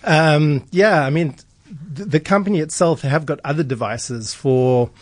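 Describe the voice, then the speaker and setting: Man, radio guest, relaxed, lots of ums, dry sound. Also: on the high side, a little slow, no room sound. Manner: relaxed, many ums and yeahs. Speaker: guest, product distributor. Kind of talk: radio interview.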